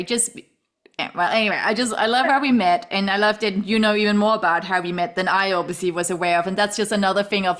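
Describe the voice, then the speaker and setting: A woman hosting a relaxed interview chat, animated and laughing easily as she acts out what people said. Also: mid-range voice. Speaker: podcast host and yoga teacher.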